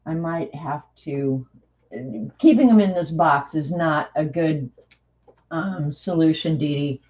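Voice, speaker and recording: A low, slightly mellow female voice carries a craft video, where the host colors and tells meandering stories punctuated by frequent laughter. Audio quality is dull and lo-fi.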